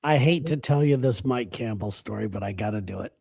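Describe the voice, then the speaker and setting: A man's voice: lowish voice, a little fast, gravelly, darkish tone, slightly rough, no echo, studio quality. A man hosting a casual talk show, telling stories and laughing as he talks. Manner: storytelling, laughs while talking. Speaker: radio show host. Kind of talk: casual chat.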